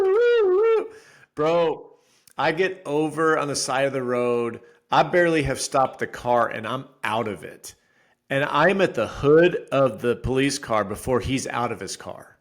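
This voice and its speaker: A man in his thirties, a podcast co-host, telling a story in casual chat with lively acted-out quotes. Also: mid-range voice, moderate pace. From Florida resident. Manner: animated storyteller, acts out quotes loudly.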